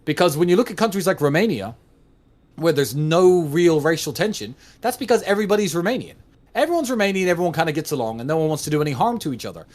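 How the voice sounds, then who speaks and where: Male guest, 30s, slightly higher voice, blunt and profane, casual chat. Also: big pitch swings, quick pace. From United States. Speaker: livestream guest. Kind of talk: casual conversation.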